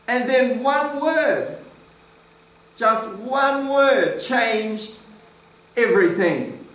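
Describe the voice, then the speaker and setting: A man's voice: very high voice, extremely slow, a bit bright. A man preaching a sermon in a church hall, emphatic and questioning his congregation. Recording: roomy echo, distant mic.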